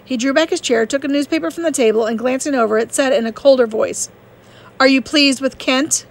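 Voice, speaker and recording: A woman narrating a classic novel as an audiobook reader, steady and measured. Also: high voice, vocal fry.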